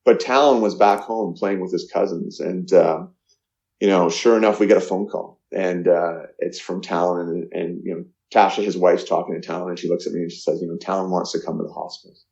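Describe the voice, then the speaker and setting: A middle-aged man from Canada telling a personal story in an interview, earnest and halting, with many fillers and restarts. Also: sits low, steady tone, vocal fry, darkish tone. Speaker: guest, charity founder. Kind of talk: emotional storytelling in a podcast interview. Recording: echoey, muffled lo-fi sound.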